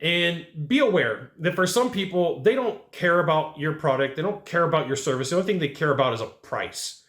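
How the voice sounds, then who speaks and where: A man coaching salespeople in an animated way, acting out his customers' lines as he goes. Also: a little high, brisk. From California. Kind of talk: energetic coaching monologue. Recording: roomy echo.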